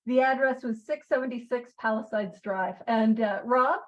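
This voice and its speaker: A woman's voice: a little high, moderate pace. A woman leading a group study, talking earnestly in a chatty way and often repeating her phrases. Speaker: study leader. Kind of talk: casual teaching talk. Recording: distant, dull lo-fi mic.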